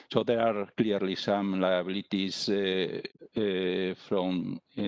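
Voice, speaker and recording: A low-voiced man gives panel remarks in a measured, halting way, pausing on fillers and restarting his phrases. The sound is dry and somewhat muffled. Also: a little mellow, no echo. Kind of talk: online panel discussion remarks.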